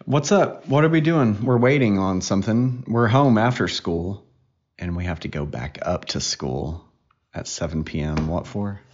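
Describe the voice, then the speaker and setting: A man in his thirties hosts a homemade podcast, joking and teasing his kid in relaxed chat. His voice sits fairly low, and the home recording sounds dull and lo-fi. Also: moderate pace. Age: 30s. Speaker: podcast host and dad. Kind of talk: casual chat with his young daughter.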